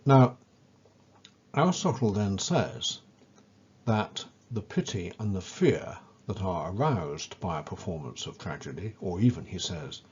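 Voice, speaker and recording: A man with a very low, slightly husky voice delivers a careful lecture at an unhurried pace. He speaks with measured weight and stresses the important words. The recording sounds a little dull and lo-fi. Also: expressive, darkish tone. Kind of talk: scripted educational lecture.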